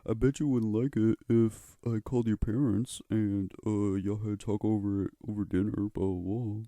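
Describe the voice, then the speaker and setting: A man mimicking a shouting angry teacher. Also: on the low side, fairly even intonation, moderate pace, no room sound, close to an everyday voice. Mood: scolding. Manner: yelling, threatening.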